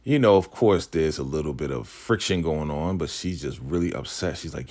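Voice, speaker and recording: A man's voice: a bass voice, normal speed, darkish tone. A man hosting a casual vlog, recapping a TV episode in a loose, slangy way and saying "like" constantly.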